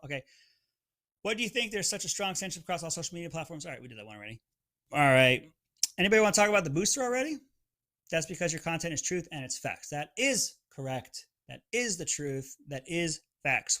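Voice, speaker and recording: A man's voice: high voice, pushed and bright. Fired-up man hosting a live stream. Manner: fired-up, emphatic, reads viewer comments.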